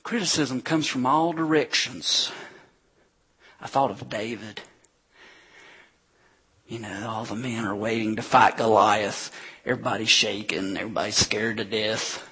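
A man preaching a sermon as a pastor, retelling scripture stories with animated delivery and acted-out voices of crowds. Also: medium pitch, slightly rough. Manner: animated storytelling preacher, acting out crowds with shouts.

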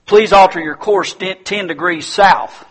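A stern male navy captain, proud and commanding, barks orders over the radio, as a preacher acts him out in a sermon. The voice sits a little high and sounds husky. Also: slow, full character voice.

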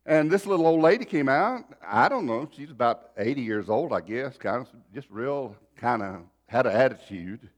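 A man preaching a sermon, telling a folksy personal story and shifting between loud and soft. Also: mid-range voice, animated, normal speed, few pauses. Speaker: pastor.

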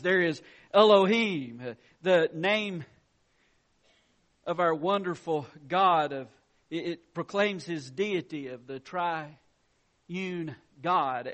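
A man with a high voice preaches from the pulpit. He tells everyday stories to make his point. His delivery swings between loud emphatic lines and soft, quiet ones. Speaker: pastor. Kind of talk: sermon.

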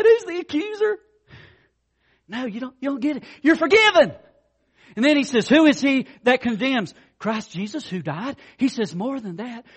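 High-voiced, fervent preaching man. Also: breathy edge. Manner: fervent, excitable preaching that swings between loud peaks and hushed lows; casual, addresses listeners as "guys" and "man". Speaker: pastor. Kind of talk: sermon.

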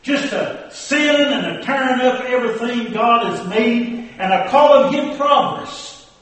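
A man's voice: very high voice, expressive, a little slow, a bit bright, full character voice. A man playing a folksy old male country preacher, telling a comic story in a drawling rural dialect. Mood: preachy. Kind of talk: comic monologue with hymn snatches. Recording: very echoey recording from far off.

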